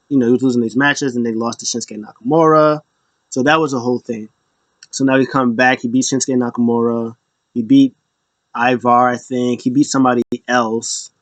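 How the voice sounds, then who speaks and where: A man's voice: mid-range voice, dry recording. A man casually recapping wrestling events in a rambling way, acting out what people said in raised voices. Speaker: podcast host.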